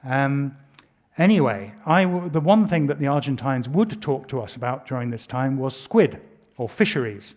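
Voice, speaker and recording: A middle-aged man from Britain speaks at a public lecture at an ordinary, mid-range pitch. He spins a long story, breaks off for dry asides, and restarts his sentences as he goes. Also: lively intonation, moderate pace, a little mellow. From United Kingdom.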